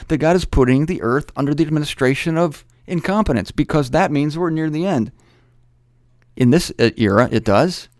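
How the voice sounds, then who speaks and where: A man's voice: on the high side, a little fast, no room sound, studio quality. A middle-aged man giving informal Bible teaching, talking conversationally with joking asides and stopping to correct himself.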